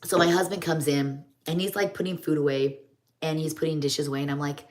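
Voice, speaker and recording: A woman's voice: low voice, fairly even intonation, fairly quick, darkish tone. A middle-aged woman chats in a rambling, homey way while doing her makeup on a live stream. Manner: rambling, homey, chatty storytelling.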